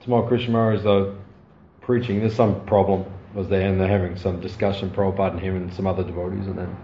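A man giving a storytelling sermon, laughing often and tagging lines with quick asides to his listeners. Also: deep voice, flat delivery. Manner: anecdotal, laughing often, frequent "right?" asides. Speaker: spiritual teacher. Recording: dull, roomy recording with faint ambient noise.

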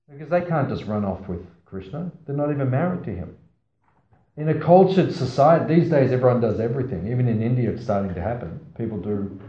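Man teaching scripture in a roomy hall. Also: medium pitch. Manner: storytelling, asks the audience questions, playful asides. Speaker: class speaker on scripture. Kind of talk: scripture class talk. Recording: roomy, slightly dull sound.

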